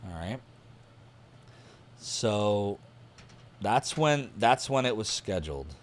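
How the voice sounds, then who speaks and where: A man streaming a detective game, reading its newspaper text aloud and chatting casually as he thinks out loud and jots down notes. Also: lowish voice, lively intonation, slow, slight background noise.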